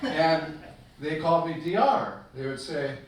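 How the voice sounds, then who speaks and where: A man's voice: a little high, expressive, unhurried. An older man performing a self-deprecating stand-up comedy set on a club stage, with a dry delivery. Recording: echoey club with far mic and loud noise.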